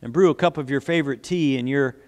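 A man's voice: mid-range voice, quick pace, a little mellow. A man preaching a sermon as pastor, telling stories earnestly and asking the congregation questions. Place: church sanctuary. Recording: long hall reverb.

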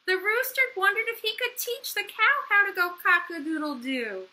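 Library lady reading a kids' picture book, super high and bright, slow and playful. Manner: animated and playful, inviting kids to join in. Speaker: library storytime reader. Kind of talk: picture book read-aloud for children.

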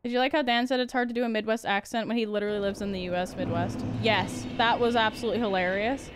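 A woman from Canada streaming a video game live, giggling, chatting with viewers and reacting loudly to the gameplay. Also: fairly high pitch, fairly even intonation, fast talker, noisy background.

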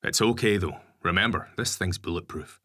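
A man's voice: low voice, moderate pace, sharp tone, no echo, studio quality. A man voicing a laid-back, protective father who talks in an easygoing, informal way.

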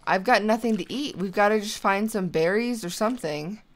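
A young woman giving casual let's-play commentary, thinking out loud as she plays and chatting to her character. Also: medium pitch, moderate pace. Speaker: gaming channel host.

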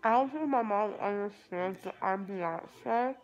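A woman's voice: medium pitch, a little slow, poor audio. A teenage girl rambling groggily into her phone at home after surgery. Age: teens. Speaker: vlogger. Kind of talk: rambling selfie vlog. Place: home, indoors. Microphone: phone at arm's length.

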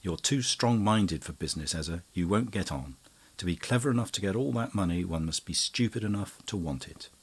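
A witty young poet with a husky, low voice and emphatic, ironic retorts, as an audiobook narrator reads him. He is ardent and quick to mock. This is a plain storybook reading. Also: animated, full character voice. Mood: wry.

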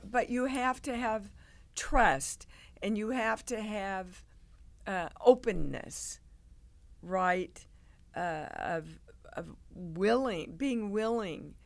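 A woman, a guest on an interview show, telling stories in an animated way and acting out the people in them. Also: medium pitch, creaky. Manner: animated, acts out quoted people. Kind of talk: casual interview storytelling.

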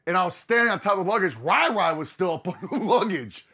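Profane, animated man telling a road story. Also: high voice, fast, a crowd in the background. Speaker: podcast host. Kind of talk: casual storytelling chat.

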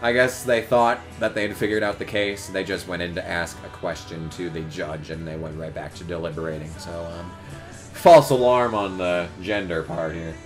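A man's voice: low-pitched, steady tone, normal speed, soft background music. A man reading fanfiction aloud for laughs, with sarcastic, profanity-filled commentary between the lines. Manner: sarcastic, swears a lot.

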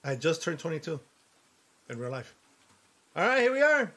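Man, forties, gaming streamer: joking, swearing, very lively delivery. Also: a little high, normal speed. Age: 40s. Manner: joking, loud and swearing, talks to characters on screen. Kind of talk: gameplay commentary.

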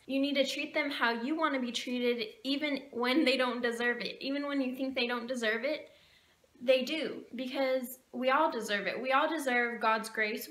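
A young woman speaks straight to camera in an earnest, emotional, slightly preachy way. Her voice is bright and fairly high. The room is echoey, with a faint hiss of background noise. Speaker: vlogger. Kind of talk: heartfelt talk to camera.

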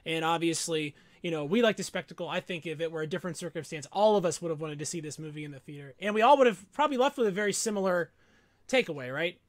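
Man, high voice, casual chat, animated, dry close sound. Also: fast, no room sound. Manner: animated, acts out lines in goofy voices. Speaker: podcast co-host.

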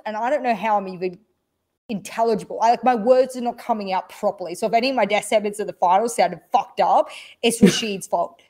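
A woman guest on a podcast, telling a story in casual chat, animated and swearing, acting out what people said. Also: a little high, a little fast. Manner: animated, swearing, acts out quotes. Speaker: guest, esports desk analyst.

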